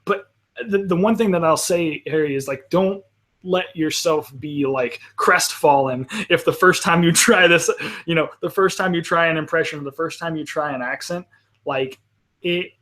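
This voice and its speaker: A man with a fairly high speaking voice hosts a live panel in loose, casual chat. He rambles, restarts his sentences and breaks off for quick apologetic asides. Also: bright, forceful tone. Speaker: panel host.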